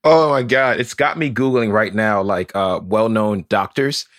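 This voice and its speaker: Animated man with a dry, close sound. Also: lowish voice, unhurried, no echo. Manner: animated, profane, acts out quotes in voices. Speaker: podcast co-host. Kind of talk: casual chat.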